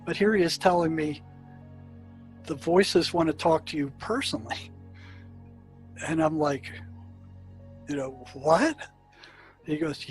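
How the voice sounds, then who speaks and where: An older man tells stories from his years as a psychiatrist, his voice a touch higher than most men's. He talks in loose runs full of fillers and restarts. Faint music plays quietly under the recording. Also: poor audio. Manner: anecdotal, many fillers and restarts. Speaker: psychiatrist telling his experiences. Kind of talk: storytelling in an interview.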